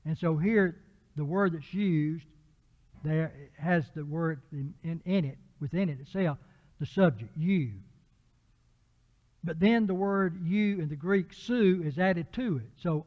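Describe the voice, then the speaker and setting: A man preaching an evening Bible lesson in church, explaining a passage with frequent fillers and restarts. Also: high-pitched. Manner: unhurried Bible teaching with many fillers and restarts. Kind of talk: sermon. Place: church auditorium. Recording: dull lo-fi church recording with long reverb.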